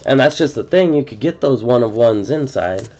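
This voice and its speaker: During a card-breaking live stream, a man chats casually and muses out loud, restarting his sentences often. He has a mid-range voice with lively intonation at a moderate pace, recorded in dull lo-fi stream audio with faint noise.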